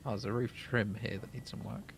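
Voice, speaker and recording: A man's voice: lowish voice, fairly even intonation, a little fast, gravelly, background noise. A man with a London accent chatting casually while streaming a co-op game, reading out jokes and greeting viewers. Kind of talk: casual co-op gaming chat.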